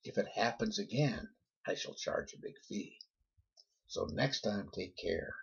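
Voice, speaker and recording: A man's voice: on the low side, wildly swooping pitch, measured pace, gravelly, fairly bright tone, husky, heavily acted. A man voicing a weary, wise older pet-shop man who gives a stern warning in plain words. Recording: dull lo-fi recording.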